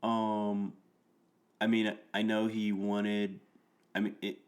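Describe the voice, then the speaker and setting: A man co-hosting a podcast, recapping a TV episode in a slow, halting way with lots of fillers. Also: fairly low pitch, completely flat delivery. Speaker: podcast co-host. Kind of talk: casual chat recapping a TV episode.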